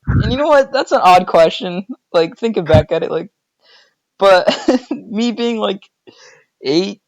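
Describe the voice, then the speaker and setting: A man's voice: high voice, animated, unhurried, no room sound, low-quality recording. A man co-hosting a podcast, telling a childhood story in a casual chat and laughing often as he goes. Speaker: podcast co-host.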